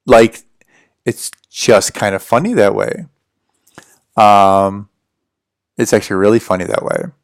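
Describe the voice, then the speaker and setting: A man's voice: fairly low pitch, fairly even intonation, measured pace, pauses often, no room sound, clean studio sound. A man from the United States with a general American accent, rambling casually as he chats to viewers on a livestream. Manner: rambling, chatty, answers viewer questions. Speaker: livestream host.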